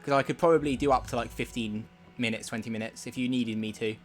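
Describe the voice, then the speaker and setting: A man's voice: mid-range voice, quick pace, faint music behind. A young man doing casual commentary while speedrunning a game live, chatty and rambling. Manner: relaxed, chatty, rambling with fillers.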